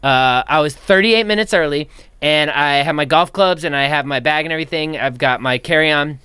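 Bright-voiced man telling a story. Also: fairly high pitch, normal speed, clean tone, no echo. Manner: animated storytelling, swears, mimics people he quotes. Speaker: podcast co-host telling a story. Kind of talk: casual chat.

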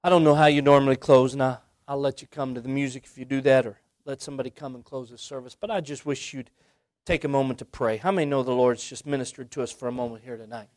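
A man preaching a sermon, fervent, repeating his words, his voice swinging between loud bursts and near-hushed lines. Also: mid-range voice, steady tone, fast talker, no echo, studio quality. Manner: fervent, repeats words, voice rises and drops sharply.

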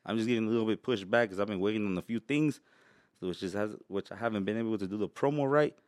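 A man's voice: on the low side, fast talker, darkish tone, no room sound, studio quality. A man chatting casually as a podcast guest, laid-back, swearing and laughing often. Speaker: podcast guest, truck brand owner. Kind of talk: casual chat.

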